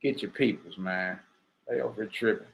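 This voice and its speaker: A man giving heated, mocking reaction commentary, repeating himself and bursting into shouts. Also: fairly low pitch, moderate pace, vocal fry, a little hiss or hum. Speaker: online commentator. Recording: roomy echo.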